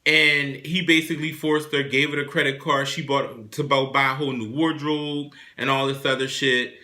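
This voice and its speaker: A young man hosting his own show, casually recapping a TV drama episode in a chatty, animated, profane way. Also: mid-range voice, normal speed. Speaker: show host reviewing a TV drama.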